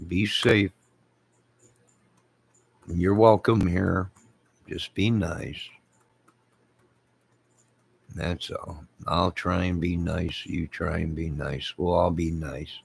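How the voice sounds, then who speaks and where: Slow, gravelly, deep-voiced man. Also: fairly even intonation. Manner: rambling, repeats friendly sign-offs. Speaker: YouTube channel host. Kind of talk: casual live-stream chat to viewers.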